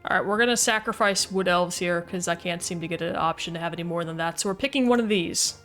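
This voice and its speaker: A woman's voice: lowish voice, fast talker, fairly bright tone, faint music behind. Chatty woman streaming a game. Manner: chatty, goofy, reads chat aloud. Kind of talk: casual livestream chat.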